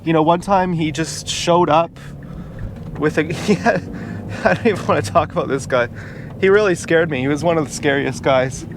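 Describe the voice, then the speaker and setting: A man telling a personal story in a casual vlog, rambling and halting, with many fillers and restarts. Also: fairly high pitch. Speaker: vlogger. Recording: noisy outdoor street recording. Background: car and street noise.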